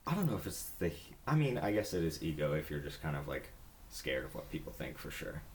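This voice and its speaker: A man's voice: very deep voice, sing-song, brisk, a little mellow, a little hiss or hum. A man in a casual podcast chat, speaking hesitantly and thinking aloud.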